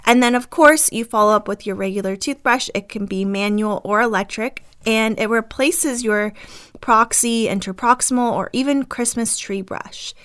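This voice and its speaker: A woman's voice: on the high side, moderate pace, a bit bright. A woman hosting a casual podcast, talking in a chatty, upbeat way with a slightly scratchy, itchy throat. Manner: chatty, upbeat, uses fillers like "um" and "like". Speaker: podcast host; dental professional.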